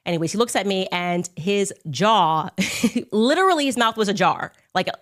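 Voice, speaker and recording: A woman in her thirties hosting a podcast, telling a story in a sarcastic, animated way. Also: medium pitch, moderate pace. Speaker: podcast host. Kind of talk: storytelling monologue.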